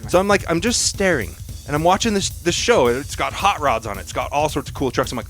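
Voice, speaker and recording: A man's voice: a little high, lively intonation, a little fast, hardly any pauses, a bit bright, soft background music. A young man co-hosting a podcast, telling a story in casual, profane chat. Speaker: podcast co-host.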